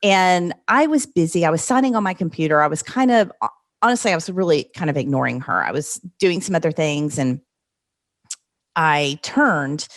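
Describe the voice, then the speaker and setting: Low-voiced woman in her 50s, earnest storyteller, takes her time with the details. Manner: earnest, vivid retelling, steady and unhurried. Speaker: guest. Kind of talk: personal storytelling in an interview.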